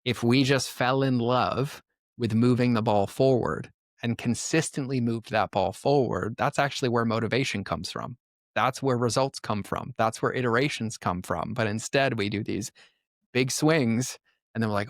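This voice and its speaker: A man's voice: mid-range voice, dry recording, clean studio sound. A man as a podcast guest, telling his life story in an earnest, emphatic way. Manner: earnest, emphatic, quick to act out quotes. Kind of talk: personal storytelling in conversation.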